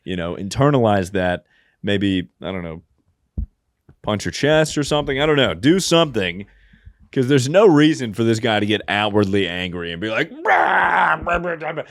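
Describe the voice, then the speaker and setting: A man's voice: on the low side, animated, moderate pace, no echo, studio quality. A man hosting a podcast, giving crude, joking advice and laughing often. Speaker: podcast host. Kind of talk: casual comedic advice chat.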